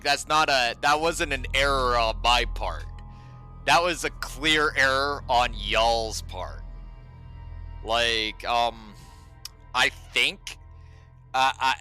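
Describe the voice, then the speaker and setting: A man's voice: medium pitch, bright, forceful tone, clear, resonant tone. A man streaming a game live, ranting sarcastically and swearing a lot.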